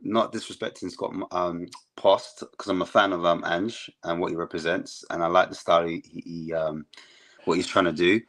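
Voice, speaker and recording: A man's voice: low-pitched, little pitch movement, moderate pace, fairly bright tone. A man chatting casually as a football fan panelist, rambling with fillers.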